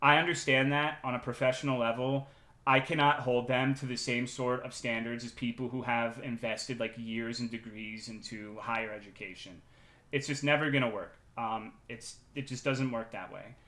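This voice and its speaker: Male streamer, casual storytelling, profane, sarcastic, bright forceful voice, echoey room. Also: medium pitch, fairly even intonation, normal speed.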